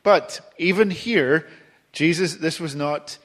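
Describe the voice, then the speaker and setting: A man's voice: on the high side, slow pace, a bit bright. A male preacher giving a sermon in a conversational way, with frequent restarts and fillers.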